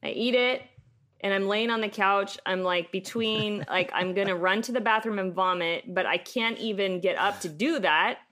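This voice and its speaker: A woman speaking as a podcast guest, her voice bright and a little tense. She tells a story about herself in a candid, self-deprecating, casual way. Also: medium pitch, normal speed.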